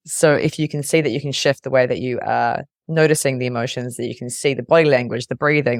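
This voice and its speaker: A woman's voice: very deep voice, a little mellow, dry recording, studio quality. A woman who hosts an interview podcast and works as a resilience coach, speaking in an earnest, reflective way. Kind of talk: interview conversation.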